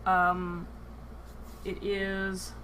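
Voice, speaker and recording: A woman's voice: medium pitch, monotone, noisy background. Woman narrating as game master. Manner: descriptive, with filler pauses.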